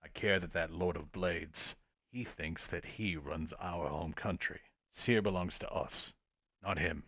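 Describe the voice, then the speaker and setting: A man's voice: low voice, measured pace, fairly bright tone, no room sound, full character voice. A man voicing a wistful, loyal shifter family man who talks in a nostalgic, rambling and blunt way.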